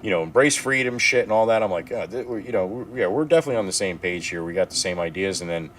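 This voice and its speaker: A man's voice: sits low, quick pace, slight background noise. A man from New Jersey on a casual livestream, rambling and swearing as he tells stories. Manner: rambling, profane, animated storytelling. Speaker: livestream guest.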